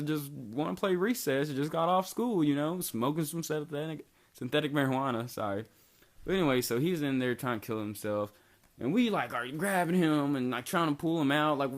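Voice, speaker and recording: A young man telling a story to camera in a rambling, profane, animated way, packed with fillers. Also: mid-range voice. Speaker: vlogger. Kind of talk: casual storytelling.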